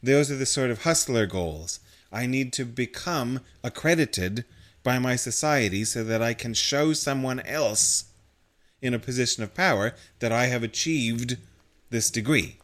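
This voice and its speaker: A man co-hosts a casual podcast, talking through ideas at length in a thoughtful way. His voice sits in a mid range. He keeps up a steady, explaining flow. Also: mid-range voice, a little slow. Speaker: podcast co-host.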